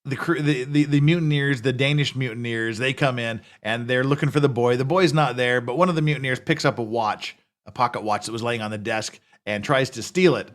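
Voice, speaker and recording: A man's voice: mid-range voice, a little fast. A man giving a casual, unscripted recap of a TV episode, rambling and correcting himself as he goes. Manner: rambling, frequent restarts and self-corrections; casual, conversational. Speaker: TV series reviewer.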